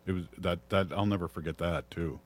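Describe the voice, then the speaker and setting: Host, male, low voice, Minnesotan accent, hesitant and reflective. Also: fairly even intonation. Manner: halting, with many pauses and fillers. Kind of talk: reflective podcast conversation.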